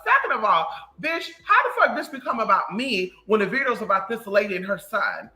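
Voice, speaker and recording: A livestream host ranting casually to viewers in a sassy, profane, animated way. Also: mid-range voice, a little fast, few pauses, low-quality recording. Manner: animated storytelling.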